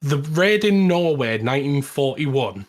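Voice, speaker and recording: A British man co-hosting a podcast, telling a history story in casual, animated chat with frequent laughs. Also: fairly high pitch, measured pace. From Britain. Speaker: podcast co-host.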